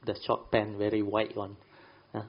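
A man's voice: fairly low pitch, completely flat delivery, normal speed, highs cut off. A man telling a rambling story to a group, with many fillers and colloquial grammar. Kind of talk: casual storytelling.

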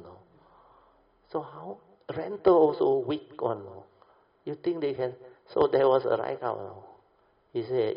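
Man, middling pitch, informal lecturer, rhetorical and tag-heavy, gravelly. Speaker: speaker addressing an audience. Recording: dull lo-fi recording.

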